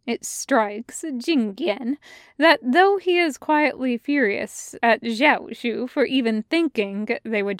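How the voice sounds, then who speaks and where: Slow, measured woman narrating fiction. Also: fairly high pitch, dry recording, studio quality. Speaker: fan audiobook reader.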